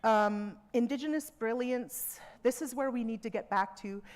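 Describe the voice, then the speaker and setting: A woman speaking earnestly to a seminar audience from a theatre stage, measured, with emphatic repetitions. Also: a little high. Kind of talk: reflective public talk.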